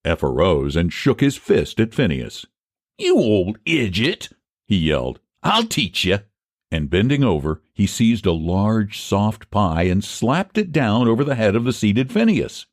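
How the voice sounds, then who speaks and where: A man narrating a classic short story as an audiobook, in an expressive storytelling manner. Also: moderate pace, hardly any pauses, no room sound, clean studio sound. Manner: expressive storytelling, low even narration between character lines.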